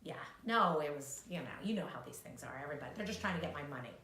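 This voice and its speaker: A woman co-hosting a live talk, animated and quick to act out little quoted voices, swearing freely. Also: sits low. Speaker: co-host, coach. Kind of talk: live-streamed casual talk. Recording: echoey room.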